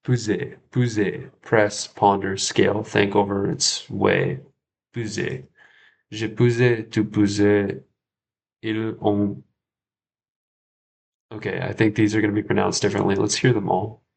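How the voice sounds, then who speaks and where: A man with a low, gravelly voice talks his way through a casual livestream study session. He speaks at an unhurried pace and in a flat tone, repeating each word to check himself. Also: a little hiss or hum. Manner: thinks aloud, repeats words while checking himself. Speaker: French learner and livestream host.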